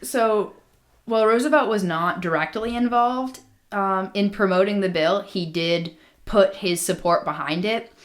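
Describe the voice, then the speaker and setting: A woman's voice: mid-range voice, unhurried. A woman co-hosting a casual podcast, telling a history story with many ums and restarts. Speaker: podcast co-host.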